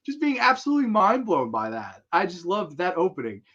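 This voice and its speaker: A man's voice: high voice, big pitch swings, brisk, fairly bright tone, dull audio. Profane, rambling male show host. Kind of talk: casual live show monologue.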